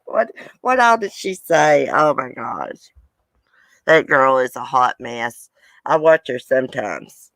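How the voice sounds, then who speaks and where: A woman's voice: rumbling low, dry recording. A woman hosting a casual live chat with viewers, blunt and profane. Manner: blunt, angry and profane, then chatty. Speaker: livestream host.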